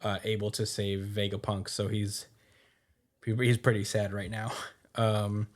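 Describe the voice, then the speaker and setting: Low-voiced man rambling through a recap. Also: little pitch movement. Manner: rambling, many fillers, quick laughs. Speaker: podcast host. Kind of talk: casual episode recap.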